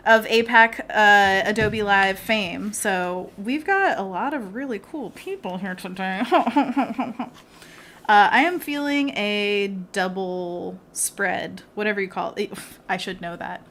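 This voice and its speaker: A woman's voice: mid-range voice, unhurried, fairly bright tone. A woman illustrator hosting a live painting stream, chatty and bubbly, laughing often as she talks through her work. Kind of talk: casual live painting chat.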